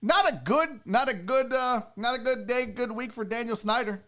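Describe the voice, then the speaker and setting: A man's voice: extremely high pitch, normal speed, fairly bright tone. A man hosting a live sports talk show, ranting heatedly and swearing freely, a bit tipsy from drinking.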